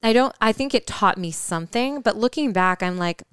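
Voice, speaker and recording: Candid woman with a very clear voice. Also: medium pitch, animated, moderate pace, dry recording, clean studio sound. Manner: candid, thinks aloud, many fillers like "like". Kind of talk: casual reflective conversation.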